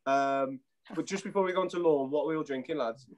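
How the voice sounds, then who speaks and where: English lad hosting a footy pod, takes the mick out of his mates, bit higher voice. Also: fast talker, soft background music. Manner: teasing, banter-filled. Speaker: podcast host. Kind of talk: casual chat.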